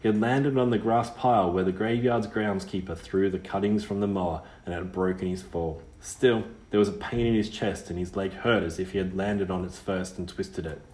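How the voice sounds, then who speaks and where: A man reads a storybook aloud in a measured, expressive manner. His voice sits low. The recording has a roomy, echoey sound. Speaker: audiobook reader. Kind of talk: storybook narration.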